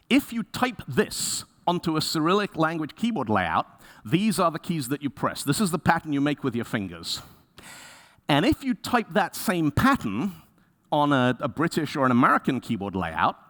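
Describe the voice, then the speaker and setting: A man giving a conference talk, telling stories in a lively way and acting out the people he quotes. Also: a little high, moderate pace. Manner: lively storyteller, acts out quoted voices. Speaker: conference speaker. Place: conference stage.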